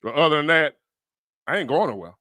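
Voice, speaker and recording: Fired-up blunt man, bright dry voice. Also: fairly high pitch, animated, brisk, no room sound. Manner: blunt, profane, fired-up, rambling. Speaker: livestream commentator. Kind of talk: reaction commentary on a news clip.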